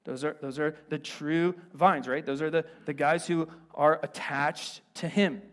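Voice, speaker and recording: A man preaching a sermon as a pastor in a church, animated and conversational with playful asides. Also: on the high side, unhurried.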